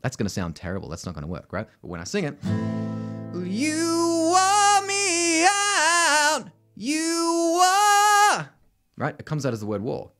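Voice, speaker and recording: A man with an Australian accent, a vocal coach explaining technique in casual talk, often tagging his sentences with "right?". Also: sits low. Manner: conversational, constant "right?" tags, sings demonstrations.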